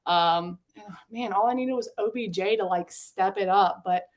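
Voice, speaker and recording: A woman's voice: medium pitch, moderate pace. A young woman in her twenties, hosting a casual sports betting chat, candid and chatty, swearing freely. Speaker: sports betting show host.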